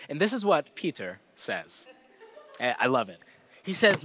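A man preaching a casual, earnest sermon, moving between forceful emphasis and quiet, self-deprecating asides. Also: a little high, sing-song, moderate pace. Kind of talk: conversational sermon.

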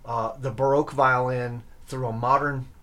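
Man, young adult, interview guest, earnest, enthusiastic, middle pitch. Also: fairly even intonation, moderate pace, fairly bright tone. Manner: earnest, enthusiastic, with fillers and restarts. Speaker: guest, electric violinist and grad student. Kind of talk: casual interview talk.

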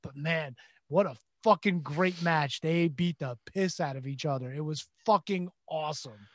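A man co-hosting a casual wrestling podcast, profane and excitable. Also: fairly high pitch, moderate pace, no echo, clean studio sound. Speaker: podcast co-host.

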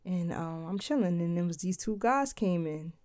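A young woman from Philadelphia casually telling a travel story in a laid-back, slangy, animated way. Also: lowish voice, normal speed, no room sound, studio quality.

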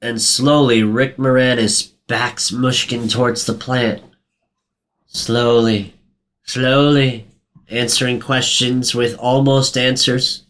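A man casually recapping a film in chat, telling it with energy, swearing and briefly acting out characters in a higher voice, his throat a little sore. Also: slow. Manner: animated storyteller, swears, acts out quotes in a high voice. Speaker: podcast co-host recapping a film.

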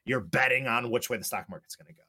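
Profane bright-voiced man telling a story. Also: mid-range voice, fast, husky, dry recording, studio quality. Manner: profane, animated storyteller, acts out dialogue. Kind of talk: casual storytelling.

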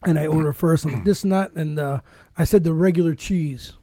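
Guy, podcast co-host, lively storyteller, high and bouncy voice, dry close sound. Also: brisk, no room sound. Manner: animated storytelling, heavy swearing. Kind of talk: casual chat.

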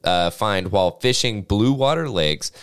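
Lively, resonant man bantering casually. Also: on the low side, unhurried, clear, resonant tone. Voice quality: lively, swearing, laughs often. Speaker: podcast co-host reading news stories.

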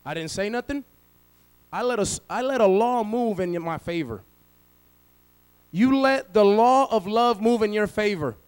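A man preaching a sermon as pastor, swinging from loud to hushed and acting out quoted voices. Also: high-pitched, animated, a little slow, long pauses, clean tone, poor audio.

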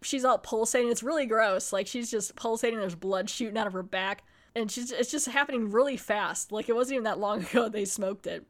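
A woman hosting a podcast, retelling an episode in a casual, animated way and acting out the characters' lines. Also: fairly high pitch, fairly quick. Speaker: podcast host.

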